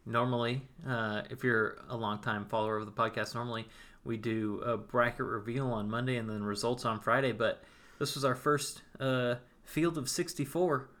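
Co-hosting a podcast, a man chats casually and rambles with plenty of filler words. His voice is medium-pitched, steady and fairly bright, at a moderate pace.

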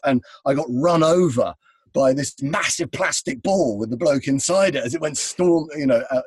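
A middle-aged man telling an anecdote in conversation, animated, with restarts and laughs. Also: medium pitch, breathy edge, no room sound. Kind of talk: conversational storytelling.

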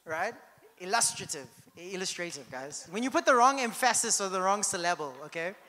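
A man's voice: sits high, animated, a little fast, bright, forceful tone, long reverb tail. A man preaching a sermon as pastor, in a conversational style that keeps checking in with the congregation.

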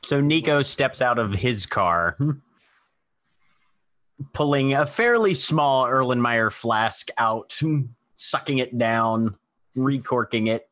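A man playing a tabletop game, narrating his character's actions slowly and deliberately. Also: medium pitch, lively intonation, a bit bright, dry recording. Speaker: player. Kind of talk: casual tabletop play.

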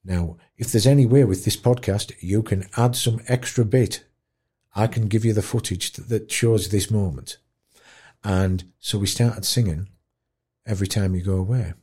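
A man telling a moving story in an interview, acting out other people's voices and dropping to a hush at tender moments. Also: fairly low pitch, moderate pace, slightly rough. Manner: animated storyteller, acts out voices, drops to quiet. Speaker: guest, dementia campaigner. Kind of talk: storytelling in conversation.

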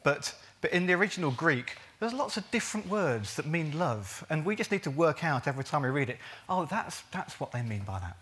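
A man preaches to his congregation in a bright, forward voice that sits a little high. He keeps it earnest, then slips in jokey asides and stretches words out slowly for emphasis. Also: very animated. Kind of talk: sermon.

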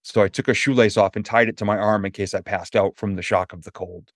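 A man's voice: fairly low pitch, quick pace, no room sound, studio quality. A middle-aged man from New Hampshire, a motivational speaker telling a story in a podcast interview and acting out the voices of people he quotes. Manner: animated storyteller who acts out quoted voices.

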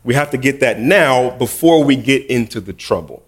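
A man's voice: mid-range voice, animated, moderate pace. A man preaching a casual, conversational sermon with humorous, self-deprecating storytelling. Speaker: preacher, middle school teacher.

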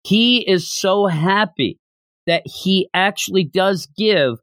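A man hosting a podcast, recapping a comic-book chapter with animated storytelling. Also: sits high, slow, no echo, clean studio sound. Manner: animated storytelling, acting out lines. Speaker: podcast host.

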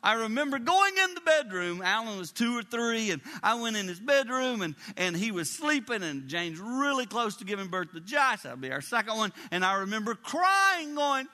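A man in his sixties preaching a sermon to a congregation, emotional, dropping to hushed whispers and rising to high cries. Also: sing-song, moderate pace, few pauses, big-room sound. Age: 60s. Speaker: traveling preacher. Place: large hall with a live congregation.

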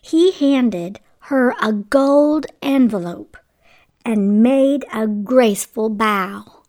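A woman storyteller reads a fairy tale to young listeners, pausing to explain words and ask questions. Her voice sits high. She takes an unhurried pace. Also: darkish tone. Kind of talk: children's story reading with asides.

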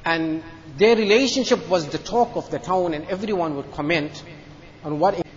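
A man's voice: on the high side, normal speed, muffled recording. A man giving a Friday sermon in a mosque, earnest, often repeating his phrases as he makes his points. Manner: earnest, repeats phrases, tells a joke story. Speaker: mufti giving Friday lecture.

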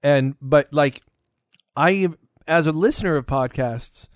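A man's voice: fairly high pitch, slow, dry recording, clean studio sound. A man co-hosting a podcast in casual chat, rambling and playful. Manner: rambling and playful, laughs often. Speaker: podcast co-host.

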